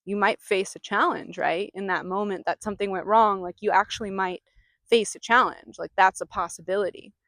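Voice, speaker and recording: A woman who hosts a spiritual vlog, speaking outdoors in a calm, soothing way with bursts of mock panic. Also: medium pitch, a little fast, no echo, clean studio sound. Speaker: spiritual guide and channeler. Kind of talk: casual spiritual talk to camera.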